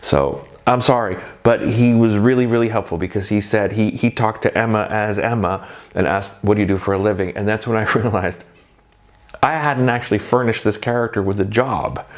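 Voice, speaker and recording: A man's voice: on the low side, moderate pace. A man talking casually about his first night in drag, rambling and self-deprecating.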